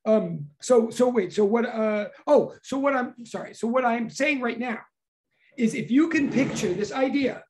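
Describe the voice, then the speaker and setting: A physics professor giving an energetic classroom lecture, emphatic and excitable, peppering speech with "like" and breaking into loud bursts. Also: medium pitch, moderate pace.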